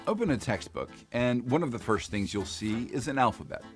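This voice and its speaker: A man narrating an educational explainer clip in a clear, engaging scripted style. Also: mid-range voice, sing-song, a little fast. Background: background music.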